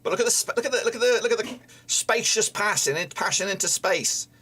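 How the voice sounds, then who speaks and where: A man's voice: high-pitched, fast, pushed and bright, slight background noise. A man streaming a live football watchalong who is frustrated, swears often and talks at the players on screen. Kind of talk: live match watchalong commentary.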